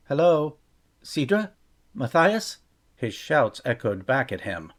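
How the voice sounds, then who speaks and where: Man reading a fantasy audiobook. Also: lowish voice. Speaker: audiobook narrator. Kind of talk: scripted fantasy audiobook narration.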